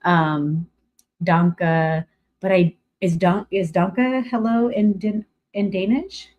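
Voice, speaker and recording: A woman's voice: lowish voice, steady tone, slow, highs cut off. Chatty woman rambling through a livestream. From California. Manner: chatty and rambling, with many fillers and restarts; bright and effusive when greeting viewers. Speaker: livestream host. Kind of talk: casual livestream chat.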